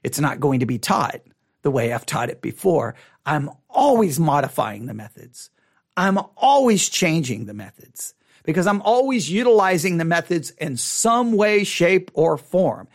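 A man teaching a Bible study method in a casual, animated way, repeating phrases for emphasis and adding playful asides. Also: a little high, measured pace.

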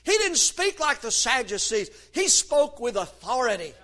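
A man preaching a sermon from the pulpit, fervent and emphatic, rising to shouts on key points. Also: extremely high pitch, sing-song, normal speed. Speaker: pastor.

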